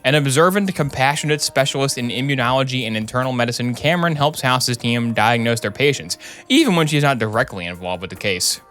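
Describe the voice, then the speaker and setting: A man's voice: medium pitch, animated, fairly quick, a bit bright, soft background music. A man streaming a game, reading its text aloud with chatty, sarcastic commentary. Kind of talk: casual gameplay commentary.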